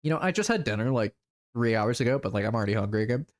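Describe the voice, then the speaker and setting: A man's voice: medium pitch, animated, very fast. Casual, swearing male streamer. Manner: casual, swears freely, self-deprecating. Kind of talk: casual let's-play commentary.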